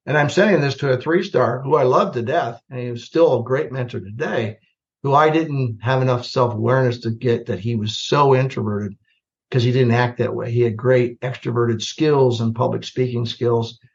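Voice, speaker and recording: An older man, a retired army general, telling stories as a podcast guest, animated and self-deprecating, acting out the dialogue. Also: medium pitch, normal speed, vocal fry. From United States. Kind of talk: storytelling in a podcast interview. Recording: slightly dull lo-fi podcast audio.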